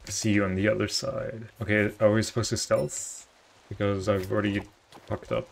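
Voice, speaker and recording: A man's voice: fairly low pitch, level tone, moderate pace, vocal fry. Jokey young man narrating gameplay. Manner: jokey, self-mocking asides. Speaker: gaming video host. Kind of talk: casual gameplay commentary.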